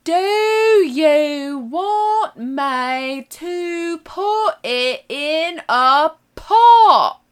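A woman voicing an impatient Cumbrian woman at a sandwich counter, who repeats herself loudly and slowly. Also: high-pitched, expressive, pitched above the performer's own voice, exaggerated voice. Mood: slow, exasperated. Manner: loud, repeating herself slower and louder.

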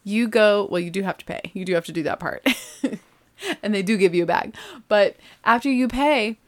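A woman's voice: mid-range voice, moderate pace. A woman in her thirties telling a story from her own family life. She talks casually and with animation, with a mid-range voice, and keeps slipping into laughter as she goes. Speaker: mother.

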